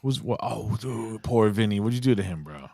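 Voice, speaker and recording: A man co-hosting a podcast in casual chat, slangy and quick with short reactions. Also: on the low side, expressive, gravelly, a little mellow, no room sound, clean studio sound. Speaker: podcast co-host.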